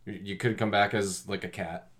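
A woman co-hosting a casual podcast chat. She talks in a low-key, hesitant way and laughs often. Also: steady tone, moderate pace. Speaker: podcast co-host.

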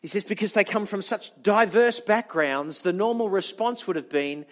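A man preaching a storytelling sermon in an animated, chatty way, with frequent restarts. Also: high voice, normal speed, few pauses.

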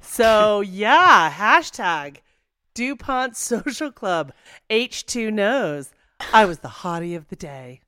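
Woman, podcast co-host, casual chat, sarcastic, mocking, clear resonant voice. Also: medium pitch, sing-song, bright, forceful tone. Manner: sarcastic, mocking impressions, quick laughs.

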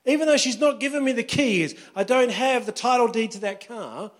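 A man preaching a sermon in a very high voice. He is chatty and tells funny stories as he goes. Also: moderate pace. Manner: conversational, storytelling with humor. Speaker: pastor.

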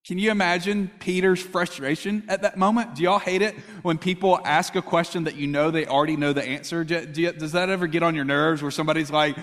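A man's voice: on the high side, fairly even intonation, quick pace, hardly any pauses, a bit bright. A man preaching a sermon, talking with the congregation in a conversational way and asking them questions. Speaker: pastor. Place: church hall. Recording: long hall reverb.

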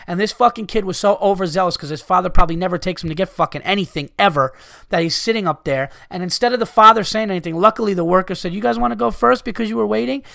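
This podcast host talks fast in a high, pushed, bright voice, captured as a dry, clean studio recording. He's a dad of young children on the mend from illness, swearing and exasperated as he rants at listeners.

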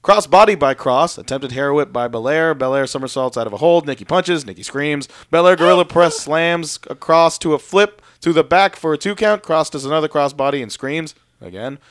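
A man's voice: a little high, animated, a little fast, few pauses, no room sound. A young man co-hosting a casual chat show, recapping match action play by play in a dry, joking way. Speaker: podcast co-host recapping wrestling.

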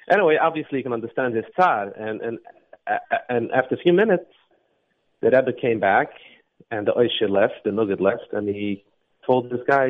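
A man's voice: medium pitch, expressive, brisk, narrow, tinny audio. A man who is a guest singer on a radio interview, telling a story with animation and acting out the quotes. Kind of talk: casual radio interview chat.

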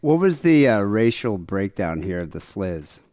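A man with a low voice whose pitch moves a lot as he talks. He chats casually and asks blunt questions, recorded dry and close. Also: big pitch swings, a little slow, darkish tone, no room sound. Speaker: podcast co-host. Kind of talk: casual chat.

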